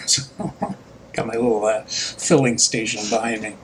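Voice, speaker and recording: A man's voice: lowish voice, fairly even intonation, a little slow, slight background noise, low-quality recording. A middle-aged man hosting his own commentary channel, talking in a casual, rambling solo monologue full of fillers, restarts and wry joking asides. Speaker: YouTube political commentary host.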